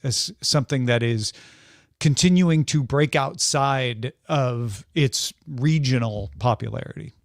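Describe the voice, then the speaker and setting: A middle-aged man co-hosting a podcast, talking in a relaxed, rambling way with small chuckles. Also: mid-range voice, measured pace, creaky, dry recording, studio quality. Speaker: podcast co-host. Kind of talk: casual chat.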